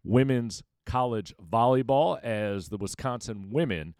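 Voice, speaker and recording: A man's voice: medium pitch, unhurried, a little mellow, clean tone, no room sound. A man hosting a solo sports podcast, giving emphatic, opinionated commentary and throwing rhetorical questions at his listeners.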